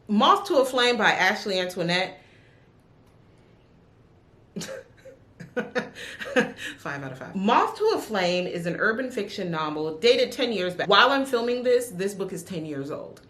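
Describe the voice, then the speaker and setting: A woman chatting casually about books she has read, sassy and animated, with big swings in her voice. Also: mid-range voice. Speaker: book vlogger. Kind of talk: casual book review chat. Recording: echoey room.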